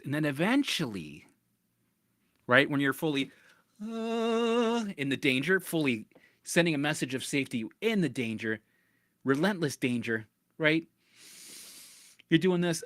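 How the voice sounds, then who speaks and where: A man giving an animated, casual coaching talk about anxiety. He swears casually and acts out panicked voices. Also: fairly high pitch, no room sound, clean studio sound.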